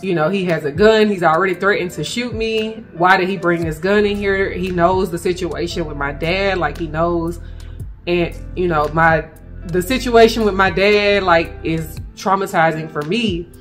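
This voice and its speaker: A woman recounting a frightening personal experience to her viewers, speaking in halting bursts and addressing them directly. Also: lowish voice, faint music behind. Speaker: vlogger telling a personal story. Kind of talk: emotional personal storytelling.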